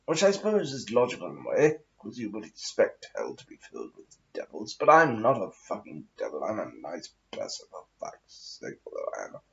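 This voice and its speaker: A man's voice: fairly low pitch, wildly swooping pitch, fairly quick, vocal fry, hardly any pauses, a bit bright, highs cut off. A man in a rambling casual monologue, talking in an affected, posh, aristocratic put-on voice and swearing often as he meanders. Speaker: vlogger.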